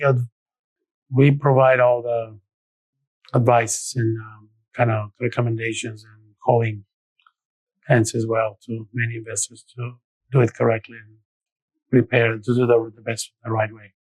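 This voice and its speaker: A man's voice: mid-range voice, flat delivery, unhurried, long pauses, no room sound, low-quality recording. Dry-sounding man explaining loans. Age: middle-aged. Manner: explains step by step with frequent restarts. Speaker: lending expert guest. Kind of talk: conversational podcast interview.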